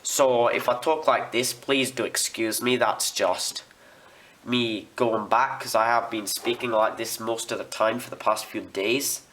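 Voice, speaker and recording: Slow-talking Australian hobbyist. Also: male voice, lowish voice, fairly even intonation, a bit bright, a little hiss or hum. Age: student. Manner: rambling, chatty, talks while working. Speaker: model railway hobbyist. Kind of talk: casual hobby tutorial.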